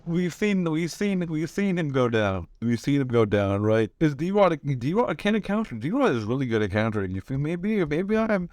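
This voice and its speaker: A man's voice: a little high, sing-song, moderate pace, hardly any pauses, darkish tone, dry recording. A man giving fight predictions, talking slangy and rambling, swearing a lot and restarting his sentences. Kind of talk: casual chat.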